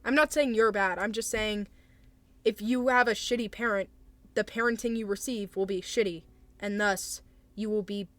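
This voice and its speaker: A young woman talks casually on a livestream, answering chat in a hesitant, apologetic way. She trails off, restarts and laughs awkwardly. Her voice sits at an ordinary middle pitch for a woman. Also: fairly even intonation, normal speed, a bit bright, dry recording. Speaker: streamer.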